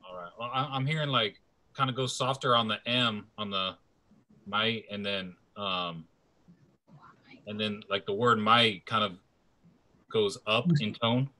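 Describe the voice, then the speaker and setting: A man's voice: fairly low pitch, measured pace, long pauses, sharp tone. A man on a video call, a student in a language class, carefully repeating phrases. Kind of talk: reading lines in a language class.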